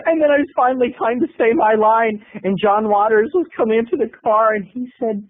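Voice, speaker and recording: A man telling a comic story about himself, acting out the lines of the people in it in squeaky voices. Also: a little fast, few pauses. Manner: acts out quotes in squeaky high voices. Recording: tinny phone-like radio sound.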